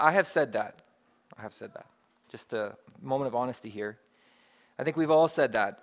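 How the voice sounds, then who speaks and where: A man with a somewhat raised speaking pitch, delivering a sermon in a plain, talking-to-you manner. He builds his points by repeating phrases with emphasis, one after another. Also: animated, fairly quick, fairly bright tone. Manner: conversational, builds through emphatic repetition. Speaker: pastor.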